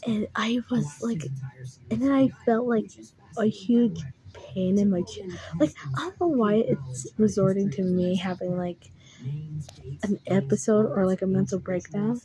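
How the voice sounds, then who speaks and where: Young woman vlogging, slow and rambly, mellow soft voice, lots of "like". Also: mid-range voice, poor audio. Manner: rambling, heavy use of "like", frequent restarts; emotional, recounting dreams. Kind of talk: casual storytelling.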